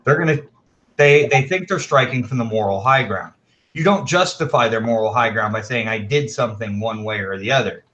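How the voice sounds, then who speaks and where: A man rants emphatically and swears freely during a casual group chat. His voice is middle-pitched. It comes through a dull, lo-fi connection. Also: fairly quick, sharp tone. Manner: emphatic ranting, profane.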